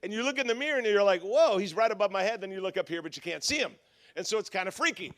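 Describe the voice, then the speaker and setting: Animated and very fast, with a high, fairly bright voice, a middle-aged Southern California pastor preaches as a conference guest. He tells funny, self-deprecating stories, restarting often and tossing in asides along the way.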